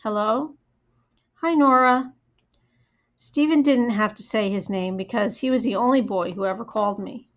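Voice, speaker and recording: A woman narrating a first-person audiobook in a plain, steady storytelling manner, on a dull lo-fi recording. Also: mid-range voice, brisk, hardly any pauses.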